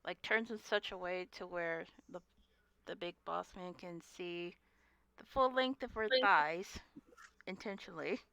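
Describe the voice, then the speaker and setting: A woman's voice: fairly low pitch, unhurried, pushed and bright, dry recording. A woman playing her character in a tabletop game, hesitant and full of fillers. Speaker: player.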